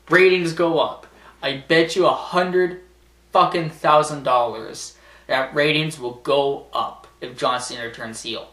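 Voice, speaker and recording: A man's voice: fairly high pitch, a little slow, fairly bright tone, reverberant. A man vlogging casually, rambling and sarcastic, swearing and laughing at his own jokes. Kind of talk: casual commentary vlog.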